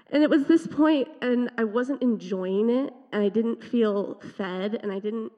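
A teenage girl shares her story from the pulpit in an earnest, reflective way. Her voice sits a little high and carries a long hall reverb. The sound is somewhat dull and muffled. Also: slow pace, mellow. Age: teens. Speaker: teen speaker at youth worship service. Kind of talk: personal testimony sermon. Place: church sanctuary.

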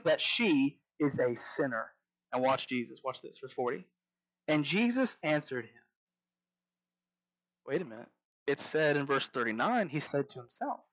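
A man's voice: fairly high pitch, a bit bright, low-quality recording. A young man giving a sermon in a conversational way, stumbling over restarts as he reads and questions scripture aloud. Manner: conversational with frequent restarts and asides. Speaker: preacher.

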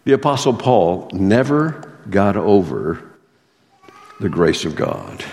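A man's voice: low-pitched, very animated, slow, creaky, a little mellow. A man preaching a sermon as pastor, earnest, reading out a testimony and scripture with swelling emphasis. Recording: long hall reverb.

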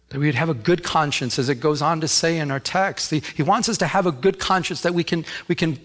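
A man preaching a sermon as pastor, telling a personal story and building to fervent, emphatic preaching. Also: a little high.

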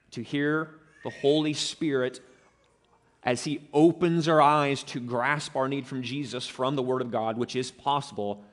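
A male pastor delivers his sermon in an earnest, emphatic way, pressing on the words he wants remembered. His voice sits at an ordinary middle pitch. A long church reverb trails after each phrase.

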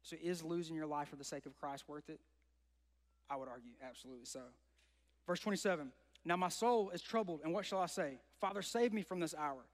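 A man's voice: fairly high pitch, fairly quick. A young man preaching a sermon in a conversational way, often asking his listeners rhetorical questions. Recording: long hall reverb.

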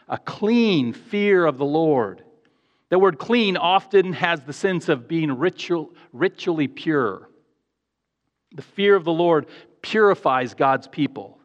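A man preaching a sermon in an earnest, emphatic way, repeating phrases for stress. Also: a little high. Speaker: pastor. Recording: echoey hall, dull lo-fi sound.

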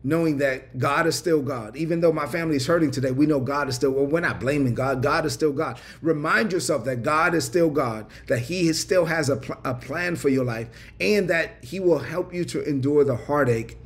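A man preaching a livestreamed sermon with a repetitive, rhythmic cadence, calling on viewers to respond in the chat. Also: fairly high pitch. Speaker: pastor. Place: online livestream.

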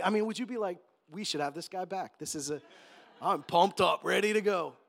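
A man preaching a sermon in an animated way, acting out the quotes with joking asides. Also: high-pitched, fairly quick, gravelly. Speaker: pastor.

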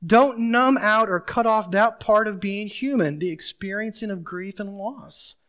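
Unhurried, with a voice that sits high, a man preaches a sermon as pastor. He's emphatic, asks the congregation questions, and veers from loud urgency to quiet pleading.

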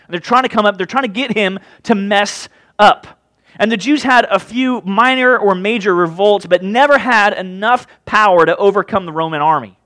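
A male preacher giving a sermon, retelling a scripture story in a casual, joking, animated way. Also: sits high, normal speed, no echo.

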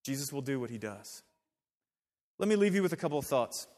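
A man's voice: mid-range voice, big pitch swings, brisk, a little mellow, big-room sound. A man preaching a sermon to his church, emphatic with conversational asides. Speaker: pastor. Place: church sanctuary.

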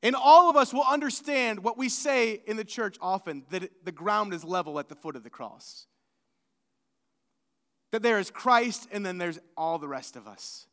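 High, bright-voiced preacher in a reverberant hall. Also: male voice, moderate pace. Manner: storytelling, animated with acted-out quotes. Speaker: pastor. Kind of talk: sermon.

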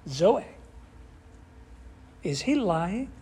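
A man's voice: a little high, expressive, extremely slow, vocal fry, long pauses, darkish tone, slight background noise. An older man teaching a Bible study in an earnest, emphatic way, often asking his class questions.

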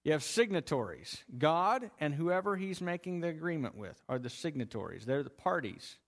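A man's voice: a little high, sing-song, normal speed. A man teaching a Bible lesson in a conversational, emphatic way, explaining step by step.

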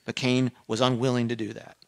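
A man preaching a sermon, dropping to a hush and then rising to emphatic peaks, acting out the people he quotes. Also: mid-range voice, little pitch movement, brisk, creaky. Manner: swings between hushed and emphatic, acts out quoted voices. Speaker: pastor.

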